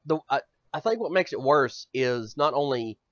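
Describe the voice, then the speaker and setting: Man, podcast co-host, bright lively voice, stammers and restarts, dry slightly dull audio. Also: mid-range voice, normal speed, no room sound. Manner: stammering, animated, swears freely. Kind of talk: casual gaming podcast chat.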